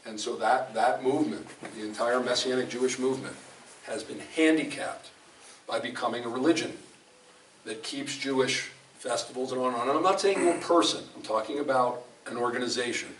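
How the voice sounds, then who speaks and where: A man's voice: medium pitch, fairly quick, fairly bright tone. Man preaching in an echoey hall. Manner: emphatic, storytelling, with frequent restarts. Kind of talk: conversational sermon. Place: fellowship hall. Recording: echoey hall from a distant mic, faint room noise.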